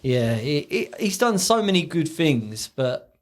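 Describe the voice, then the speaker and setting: Lively man telling funny stories. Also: measured pace. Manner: animated storyteller, acts out quotes in a high voice. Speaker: podcast co-host. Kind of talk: casual chat.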